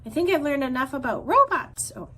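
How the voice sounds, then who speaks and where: A woman's voice: very animated, a little fast, pushed and bright, full character voice. A woman voicing an anxious, chirpy young boy gosling in a storybook reading. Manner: high, worried, squawking.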